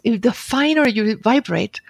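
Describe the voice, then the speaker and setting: A middle-aged woman, a guest on a podcast, telling a personal story in an animated way, laughing often and acting out her own inner dialogue. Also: fairly high pitch, unhurried, vocal fry, slightly rough, no room sound. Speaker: podcast guest, author and seminar leader.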